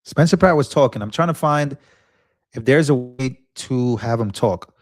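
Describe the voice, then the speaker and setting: A man's voice: medium pitch, moderate pace, dry recording, studio quality. Earnest young man rambling on a live stream. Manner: earnest, rambling, repeats himself. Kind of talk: emotional live-stream talk.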